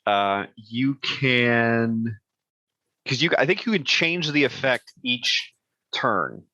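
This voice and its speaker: A man narrating as game master in a casual, halting way with many fillers and restarts. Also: mid-range voice, animated, pushed and bright, dry recording, dull audio.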